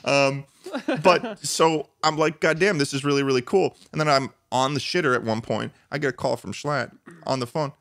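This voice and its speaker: A man's voice: normal speed, vocal fry, no room sound, clean studio sound. A young man co-hosting a podcast, telling stories in casual chat and laughing often. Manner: animated storytelling, jumps high for excited voices. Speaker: podcast co-host.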